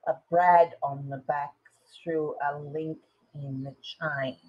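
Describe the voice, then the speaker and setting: A woman's voice: deep voice, steady tone, takes it slowly, husky, muffled recording. A woman chatting casually to viewers and herself while she works on a craft project. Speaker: craft video host.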